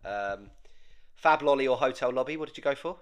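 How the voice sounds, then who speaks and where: A man co-hosting a casual comedic podcast, dry and low-key, firing off quick quiz questions. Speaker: podcast co-host.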